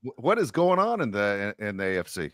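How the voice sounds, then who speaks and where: A low, deep-voiced man hosts a casual sports podcast. He rambles and jokes, circling back with fillers as he talks. The sound is close and dry, with no room in it. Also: big pitch swings, fast talker, fairly bright tone, no echo. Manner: rambling, joking, frequent fillers. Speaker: podcast host.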